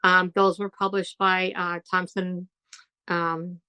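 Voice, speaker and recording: Brief: UK-born woman guest, chatty storyteller, bright crisp voice, very dry sound. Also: on the low side, level tone, slow pace, dry recording, muffled recording. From United Kingdom. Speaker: guest, trial lawyer and writer. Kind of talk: casual interview chat.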